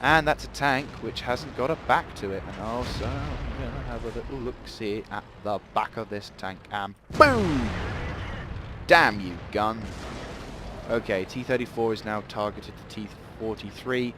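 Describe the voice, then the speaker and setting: A man's voice: medium pitch, normal speed, noisy background. A man giving live gameplay commentary, rambling and swearing in sudden outbursts.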